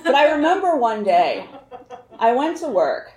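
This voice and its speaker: A woman's voice: high voice, big pitch swings, unhurried, darkish tone, reverberant. A woman telling a personal story on stage with a wry, candid, laughing manner.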